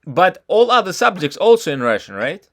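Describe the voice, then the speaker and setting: A man tutoring a student in he did not learn first, talking haltingly with many false starts and frequent questions. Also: high voice, big pitch swings, a bit bright. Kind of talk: casual one-on-one lesson talk.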